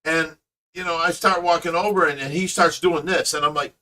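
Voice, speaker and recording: Middle-aged man, host, lively laughing storyteller, high bright voice, off-mic. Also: brisk, far from the mic. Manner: animated storyteller, laughs often. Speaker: fish rescue owner and host. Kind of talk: casual livestream chat.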